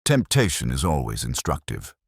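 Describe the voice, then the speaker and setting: Man reading aloof genius detective, very deep voice, husky, precise formal delivery. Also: wildly swooping pitch, dry recording, clean studio sound, full character voice. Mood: dry. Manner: measured, precise, dryly formal. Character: stout, aloof male genius detective, older. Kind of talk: audiobook character reading.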